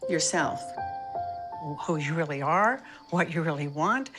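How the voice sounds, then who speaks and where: A calm, wise mother in a romance film. She asks gentle, probing questions in a lowish voice. A clear film score sits behind her. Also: a little slow, over music.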